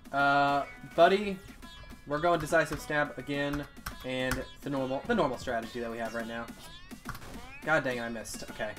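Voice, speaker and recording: A young man giving casual, excitable commentary over his gameplay. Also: medium pitch. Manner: excitable, swears and yelps at the game. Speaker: let's play gamer.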